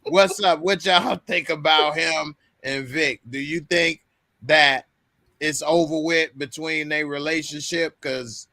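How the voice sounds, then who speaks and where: Slow-talking bright-voiced man host. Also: fairly high pitch, fairly even intonation, dry recording. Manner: laid-back, slangy, laughs often. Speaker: host of a TV recap livestream. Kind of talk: casual recap chat. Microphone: webcam on a video livestream.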